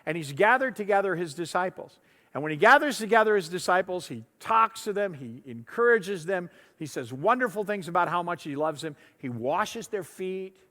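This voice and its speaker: A male pastor gives a sermon in a loose, conversational way, doubling words as he goes and slipping into the voices of people in his story. His voice sits fairly high. The sound carries a long reverb from the church hall. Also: fairly bright tone. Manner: conversational, acts out disciples' voices, repeats words. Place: church sanctuary. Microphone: lapel mic.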